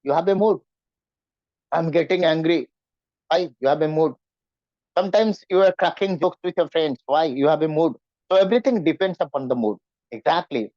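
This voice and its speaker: A man's voice: on the high side, moderate pace, long pauses, mellow, no echo, dull audio. A man teaching in an online class, often asking his students questions. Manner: repetitive, questioning students, acts out nervous voices. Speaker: English teacher.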